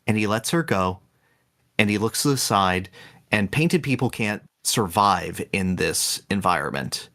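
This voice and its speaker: A man co-hosting a podcast, slowly and dramatically retelling a game's ending in casual chat. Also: on the low side, lively intonation, a bit bright. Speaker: podcast co-host.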